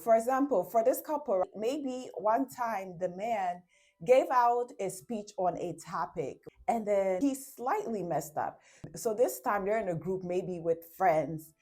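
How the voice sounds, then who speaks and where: A woman's voice: mid-range voice, expressive, unhurried, darkish tone, faint music behind. A woman giving relationship advice to camera in a casual talk. She explains with everyday examples, acts out little quotes, and often checks in with "right?".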